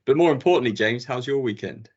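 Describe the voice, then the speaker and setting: A man's voice: mid-range voice, animated, fast, a little mellow, muffled recording. A man from England co-hosting a casual football chat, easygoing, laughing often and repeating himself. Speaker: podcast co-host. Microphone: video call.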